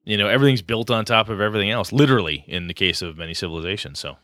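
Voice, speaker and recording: A man chats on a gaming podcast in a low, bright, forward voice. He rambles happily through fillers and restarts. The sound is close and dry. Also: rapid-fire, no room sound. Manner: rambling, enthusiastic, lots of fillers. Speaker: podcast co-host. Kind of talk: casual podcast chat.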